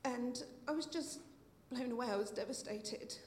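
In an echoey hall with faint noise, a middle-aged woman gives a heartfelt personal testimony at a church meeting. Her voice sits on the high side and her pace is moderate. She nears tears at times and lets out soft laughs.

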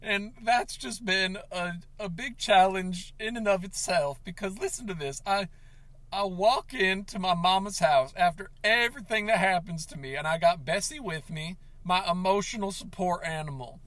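A man ranting in a comedic confessional vlog, overwrought and tearful, breaking into sobs and shouts. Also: high-pitched, moderate pace, no echo. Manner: overwrought, sobbing and shouting in bursts. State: tearful, on the verge of crying. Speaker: comedic vlogger.

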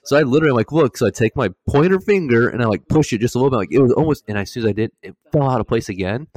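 A man's voice: medium pitch, lively intonation, very fast, darkish tone, dry recording. A young man co-hosting a podcast, telling stories animatedly, swearing and laughing as he goes. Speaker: podcast co-host. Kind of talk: casual storytelling chat.

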